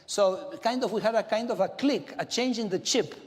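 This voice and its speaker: A man with an Argentine Spanish accent giving a speech to a business audience, storytelling in an animated way with frequent "okay?" asides. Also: high voice, normal speed, big-room sound. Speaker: government minister giving a speech. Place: large conference hall.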